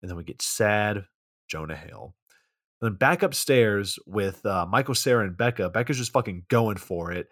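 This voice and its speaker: A man's voice: lowish voice, animated, normal speed, a bit bright, no room sound, clean studio sound. A man co-hosting a podcast, recapping a movie in a loose, profane, rambling way. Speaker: podcast co-host. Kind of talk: casual movie recap chat.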